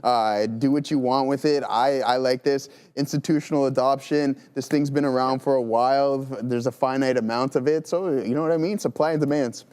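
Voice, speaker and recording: A man's voice: medium pitch, steady tone, fairly quick, hardly any pauses, darkish tone, clean tone. Laid-back man chatting about crypto. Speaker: trading show co-host. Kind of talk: casual chat.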